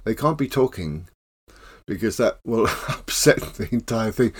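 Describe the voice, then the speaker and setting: An older man, a professional clown telling stories in a relaxed interview. He laughs often and acts out the voices in his tales. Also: mid-range voice, normal speed, breathy edge. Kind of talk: casual storytelling interview.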